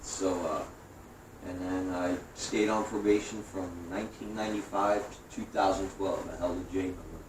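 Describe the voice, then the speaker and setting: A man in his forties from New York tells his story in a lowish, profane, animated voice. The room gives it a roomy echo, and the mic sits some distance away. A faint hiss runs underneath. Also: moderate pace. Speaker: guest. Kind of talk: storytelling interview.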